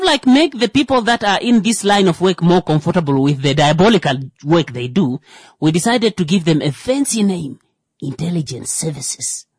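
A woman's voice: fairly low pitch, darkish tone, slightly rough, no echo. A woman talking in a rambling, casual monologue, full of fillers, who acts out little quoted exchanges.

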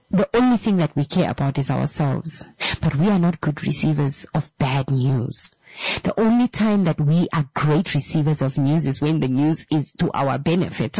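A woman's voice: deep voice, a little mellow, no echo, poor audio. A woman in a casual monologue to her viewers, emphatic, repeating phrases and asking rhetorical questions.

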